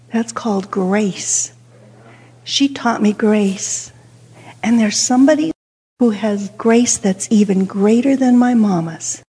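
An older woman telling a childhood story with a lesson, animated and dropping to hushed whispers for suspense. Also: fairly high pitch, breathy edge. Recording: long hall reverb.

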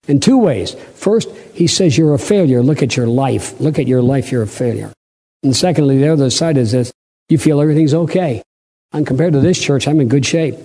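A man preaching a sermon, acting out the voices in the scripture stories with big swings in pitch. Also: dark tone. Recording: long hall reverb.

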